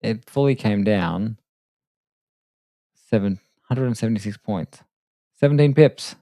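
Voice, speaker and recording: A man hosting a live trading stream late at night, talking quietly and casually with self-deprecating asides. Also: lowish voice, unhurried, no echo. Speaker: trading livestream host. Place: home desk at night. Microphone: desk microphone.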